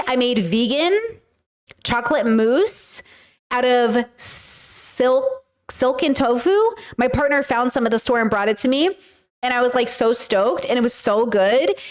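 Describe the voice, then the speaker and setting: A woman hosting a livestream in casual talk, candid and profane, talking to her chat. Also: a little high. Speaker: livestream host.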